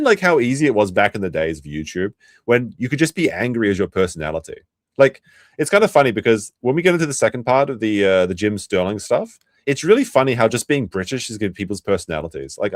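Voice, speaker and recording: Animated sarcastic male streamer. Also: medium pitch, quick pace, no room sound, clean studio sound. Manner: animated, sarcastic, swears, mocks accents. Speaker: streamer reacting to a video. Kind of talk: casual live-stream commentary.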